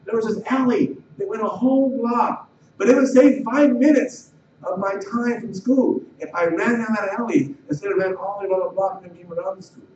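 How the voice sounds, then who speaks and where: High-voiced man telling his life story. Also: darkish tone. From Los Angeles area. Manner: halting, repeats words and restarts, voice rising when retelling tense moments. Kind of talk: personal life story, told casually. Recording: roomy, distant, dull and slightly noisy.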